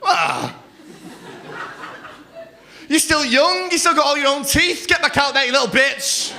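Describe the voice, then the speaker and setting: Comedian voicing a woman drug counsellor, blunt, scornful, raised pitch, live club. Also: huge pitch swings, very slow, gravelly, pushed and bright, a little hiss or hum, exaggerated voice.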